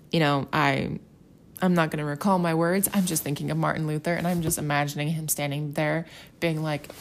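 Chatty young woman, slightly low voice. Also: normal speed. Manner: chatty, animated, acts out quotes with gasps and whispers. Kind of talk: casual scripture commentary.

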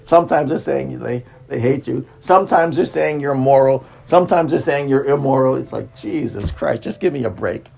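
A man's creaky, slightly mellow and slightly rough voice sits at medium pitch on a low-quality recording. Speaking unscripted as a spiritual teacher, he circles back on himself, restarts lines, and lingers on words.

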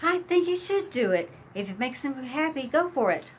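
A woman playing a breathy, encouraging farm wife. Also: high-pitched, big pitch swings, moderate pace, heavily acted. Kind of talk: amateur radio drama.

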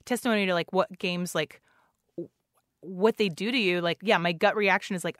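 A woman's voice: lowish voice, a little fast, no echo, studio quality. A young woman co-hosting a podcast, chatting casually and rambling with lots of filler words and frequent laughs. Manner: excitable, laughs often. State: recovering from losing her voice. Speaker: podcast co-host. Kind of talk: casual chat.

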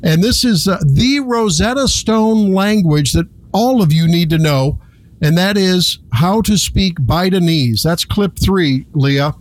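A man's voice: sits high, a little slow. A man hosting a radio talk show, speaking casually with many fillers and restarts.

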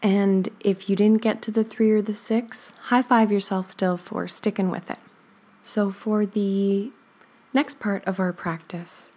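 A woman leading a guided breathing exercise, counting slowly and softly with gentle, encouraging words. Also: medium pitch, fairly even intonation. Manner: slow, soothing counting with soft whispered stretches; gentle encouraging asides with light laughs. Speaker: breathing instructor.

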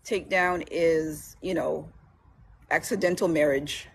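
Woman author guest, husky tone, chatty and quick to laugh, casual interview talk. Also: low-pitched, steady tone. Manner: chatty, laughs often while telling stories. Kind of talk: casual chat.

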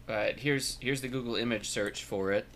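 A man's voice: medium pitch, normal speed, fairly bright tone, a little hiss or hum. A man co-hosting a comic book podcast, chatting casually and trailing off as he thinks aloud. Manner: musing, trails off mid-thought. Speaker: podcast co-host. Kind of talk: casual chat.

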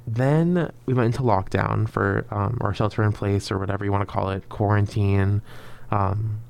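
A man's voice: lowish voice, fairly even intonation, moderate pace, gravelly, a little mellow, smooth. A young man telling a rambling storytime in a chatty, filler-heavy way, dramatically acting out his own past lines. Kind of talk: casual storytime vlog.

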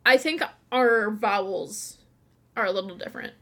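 This podcast co-host is a young woman from Buffalo, New York, whose casual chat is full of laughter and restarts. She speaks at a medium pitch and a normal speed.

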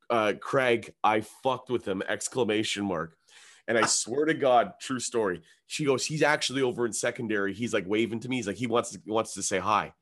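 A man, a comedian, telling a long story in casual chat, swearing freely and acting out the other people's voices. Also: lowish voice. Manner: animated, swears a lot, acts out other voices. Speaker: comedian guest.

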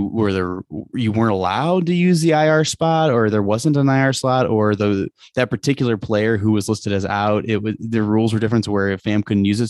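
A man's voice: fairly low pitch, darkish tone, dry recording, studio quality. A young man hosting a casual fantasy football podcast, chatty and rambling, laughing often. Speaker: podcast host.

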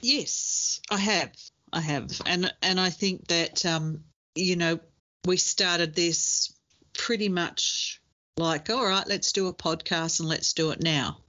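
A woman's voice: fairly low pitch, takes it slowly, bright, forceful tone. A woman co-hosting a podcast in casual chat, thoughtful and easy to laugh, with hesitant fillers. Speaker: podcast co-host. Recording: dull lo-fi sound.

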